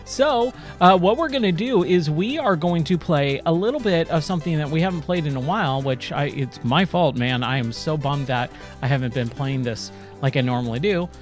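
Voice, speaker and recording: A man's voice: a little high, animated, normal speed. A man hosting a let's-play stream, upbeat and chatty with fillers. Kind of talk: casual let's-play commentary. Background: game music.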